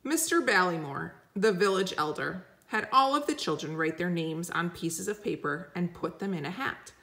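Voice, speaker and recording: A woman reading a picture book aloud slowly and gently, explaining words for children. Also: fairly low pitch, animated. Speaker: storyteller.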